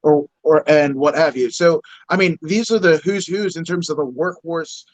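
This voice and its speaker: A male co-host with a somewhat high voice asks a rambling question and keeps checking it with "right?". The audio sounds dull and lo-fi, with no room echo at all. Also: moderate pace. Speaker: podcast co-host. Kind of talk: interview questions.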